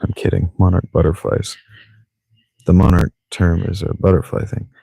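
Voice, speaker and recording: A man casually commenting while he plays a video game, full of deadpan jokes and muttered asides. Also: low voice, normal speed, vocal fry, breathy edge, no room sound, studio quality. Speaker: streamer playing a video game. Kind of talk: casual let's-play commentary.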